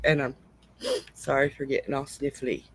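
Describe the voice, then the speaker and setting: A woman giving live psychic readings in a gentle, reassuring and emotional way. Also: rumbling low, fairly even intonation, moderate pace, heavy background noise. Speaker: psychic reader. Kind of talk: live online reading, casual chat.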